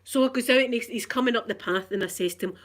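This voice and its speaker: A woman's voice: fairly high pitch, quick pace. A middle-aged woman with a Glasgow accent, telling an indignant story to camera at home, laughing as she goes. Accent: Scottish, Glasgow. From Scotland. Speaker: vlogger. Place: at home, in a living room.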